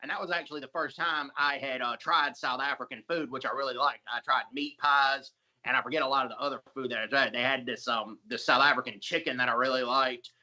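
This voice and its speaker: Southern American man, video call guest, hesitant, fillers, sharp bright tone. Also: mid-range voice, steady tone, a little fast, rough recording. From Mississippi, USA. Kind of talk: casual interview chat.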